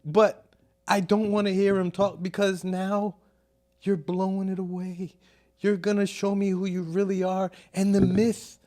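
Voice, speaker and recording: A man from Chicago, a comedian guest, telling stories in a casual podcast chat with sudden loud bursts. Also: sits high, measured pace. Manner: animated, profane storytelling with sudden loud bursts.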